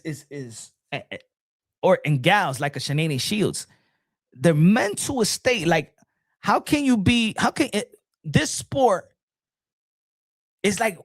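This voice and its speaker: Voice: medium pitch, no echo, studio quality. A boxing podcast host, ranting casually in a profane, laughing way, with many restarts. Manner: animated, profane, laughs often, stumbles and restarts.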